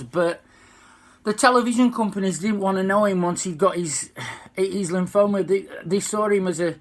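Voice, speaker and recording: Heartfelt Yorkshire man, slightly high voice. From Yorkshire, England. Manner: halting, heartfelt and chatty. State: unwell. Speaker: singer and tribute impersonator. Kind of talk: casual fan video chat.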